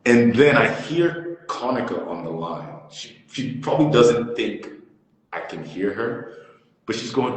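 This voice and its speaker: A man's voice: mid-range voice, unhurried, a little hiss or hum. A man in his thirties, an actor guest, telling a story in an interview and acting out the other people in it. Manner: animated storyteller, acts out quoted voices. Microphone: phone or laptop on a live stream. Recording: very echoey with long reverb.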